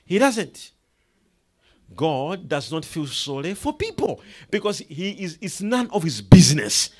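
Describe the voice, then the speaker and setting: A man preaching a sermon, swinging between hushed asides and loud emphatic declarations, acting out the people in his stories. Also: fairly high pitch, very animated, a little slow. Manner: quotes and acts out characters in the story, laughing.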